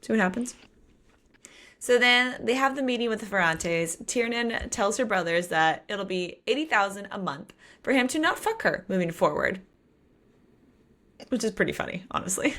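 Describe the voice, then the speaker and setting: A woman's voice: mid-range voice, animated, moderate pace, a bit bright. A woman co-hosting a podcast, casually recapping a novel's plot in a chatty way. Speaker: podcast co-host. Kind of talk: casual book discussion.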